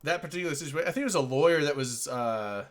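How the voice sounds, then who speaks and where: A man's voice: fairly high pitch, lively intonation, fast talker. A man hosts a casual gaming chat over a voice call. He rambles through his stories and swears freely, and he laughs often as he talks.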